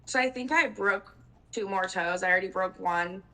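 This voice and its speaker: A woman's voice: mid-range voice, moderate pace, bright, forceful tone, low-quality recording. A woman in her twenties co-hosting a podcast, telling stories in a casual, rambling way, full of "like" and casual swearing. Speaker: podcast co-host. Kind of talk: casual chat.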